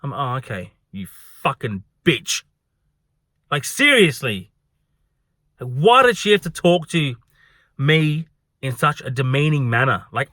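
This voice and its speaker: A man ranting through a storytime vlog about a rude customer, animated and swearing freely. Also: on the high side, no echo, clean studio sound. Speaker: hospitality worker vlogger.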